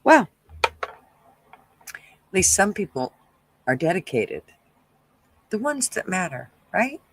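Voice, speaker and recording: A man's voice: sits high, sing-song, measured pace, creaky, slight background noise. A man hosting a live stream, chatting casually with viewers and making wry, muttered asides. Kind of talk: casual reaction commentary.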